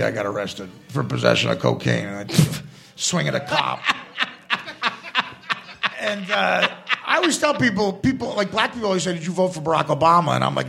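A man's voice: a little high, gravelly, fairly bright tone. A male comedian telling rambling, profane, self-mocking anecdotes as a guest at a live show. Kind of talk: comedic storytelling.

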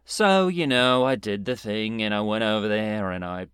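A man co-hosting a comedy podcast, telling a rambling story in a deadpan, hesitant way with many restarts. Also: lowish voice, normal speed, clear, resonant tone, no echo, studio quality. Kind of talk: improvised character comedy chat.

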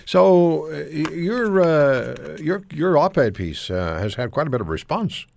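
A man hosting a talk radio show, interviewing guests. He talks in an effusive, animated way, often repeating words as he starts a thought. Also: on the high side, measured pace, vocal fry, a little hiss or hum.

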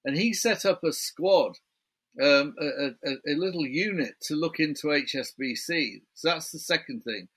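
A man's voice: a little high, normal speed, a bit bright, slightly rough. A British man, an author guest in a remote interview, chatty and building his story point by point. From Britain.

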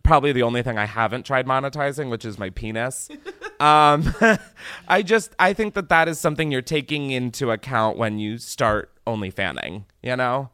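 A man hosting a podcast in casual chat, joking and animated, his voice jumping from loud squeals down to low mutters. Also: moderate pace, smooth, dry recording, studio quality. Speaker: podcast host.

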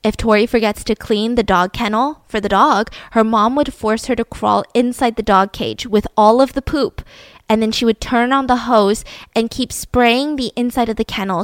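A woman's voice: on the high side, no echo. A woman host telling a true-crime story in a chatty, conversational way, with asides to her co-host.

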